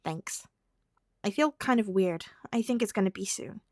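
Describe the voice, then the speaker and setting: A woman voicing a gruff but caring young man in a fan fiction reading, speaking in short, blunt lines. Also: medium pitch, expressive, normal speed, a little mellow, no room sound, studio quality, close to an everyday voice.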